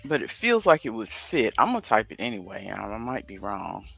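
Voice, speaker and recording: Man, casual livestream co-host, talks to himself while puzzling, bouncy pitch, bright forward tone. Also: sing-song, brisk, gravelly, faint music behind. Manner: rambling, talks to himself while solving a crossword. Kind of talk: casual chat, thinking aloud.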